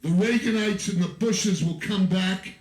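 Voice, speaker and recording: An American man giving a fiery, profane, shouting rally speech to a festival crowd from an outdoor stage. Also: sits high, measured pace, roomy sound, poor audio. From United States. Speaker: activist speaker at a festival.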